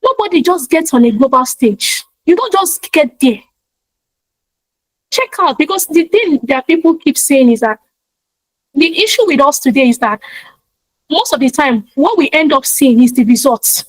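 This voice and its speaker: Speaking at a normal pace in a high, expressive voice, a woman gives an emphatic motivational talk drawn from her experience addressing online audiences. She repeats her points like a preacher, and the recording is rough with no room sound.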